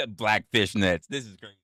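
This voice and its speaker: Guy streamer reacting to chat, swears a lot, lively up and down voice. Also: lowish voice, breathy edge, no room sound, clean studio sound. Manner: reacts loudly to chat, swears, repeats himself, laughs often. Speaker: livestream host reading chat. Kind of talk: casual livestream chat.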